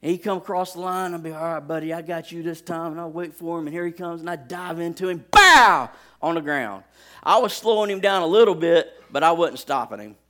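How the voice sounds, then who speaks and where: A man preaching, telling a lively personal story with sound effects and speaking directly to his congregation in a folksy way. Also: fairly high pitch, fast. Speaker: pastor.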